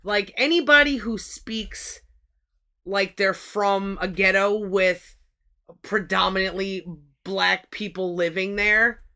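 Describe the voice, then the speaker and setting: Slow-paced and forceful, her mid-range voice has a bright edge. As a livestream host she chats in a meandering, profane way, frequently breaking off to restart what she's saying.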